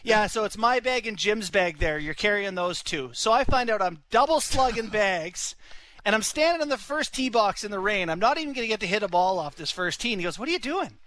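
A man's voice: high voice, lively intonation, brisk, bright, forceful tone, rough recording. A young man telling a long personal story in a rambling, casual way, full of "you know" and "like". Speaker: son-in-law telling a story.

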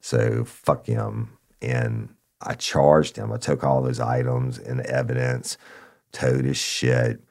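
A man's voice: very deep voice, flat delivery, slow pace, vocal fry, darkish tone. A man telling a story in a blunt, profane, casual way, talking straight to his listeners. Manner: blunt, profane, conversational, addresses listeners as y'all. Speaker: podcast storyteller, former cop.

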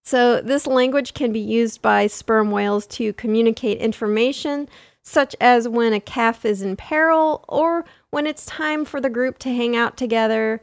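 A woman co-hosting a casual educational podcast, chatty and quick to laugh as she explains. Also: on the high side, gravelly, no room sound, clean studio sound. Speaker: podcast co-host.

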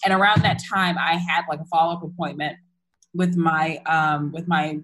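A woman's voice: deep voice, steady tone, normal speed, a bit bright, rough recording. A young woman candidly retelling a personal story in casual chat, full of fillers and restarts.

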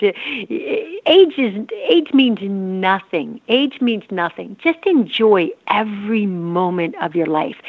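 A woman's voice: medium pitch, dry recording. A woman in her fifties, a guest in an interview, talking earnestly and repeating herself for emphasis. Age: 50s. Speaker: guest author. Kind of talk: casual interview talk. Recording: phone-like line.

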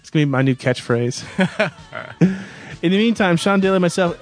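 A man's voice: high-pitched, animated, normal speed, faint music behind. A man hosting a casual podcast, teasing his co-host with dry humor. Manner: dry, teasing, wraps up the show.

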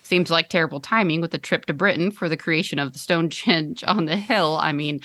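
A woman's voice: sits low, fairly quick, fairly bright tone, no echo. A woman co-hosting a casual podcast, reading a listener's email aloud and laughing between phrases. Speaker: podcast co-host.

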